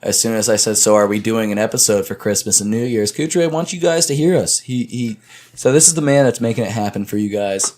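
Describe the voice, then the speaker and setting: A man's voice: on the low side, lively intonation, a little fast, darkish tone. A man hosting a casual podcast, joking with friends, laughing often and restarting his sentences. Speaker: podcast host.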